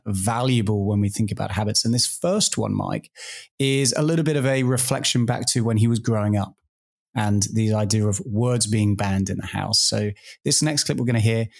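A man's voice: on the low side, gravelly. A man hosting a podcast, talking things through in a reflective, casual way. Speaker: podcast host. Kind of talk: casual discussion.

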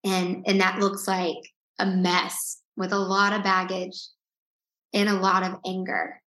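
A woman's voice: medium pitch, completely flat delivery, unhurried, a bit bright. Earnest woman telling her story, roomy sound. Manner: earnest, tearful at times, frequent restarts. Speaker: interview guest. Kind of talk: emotional personal storytelling.

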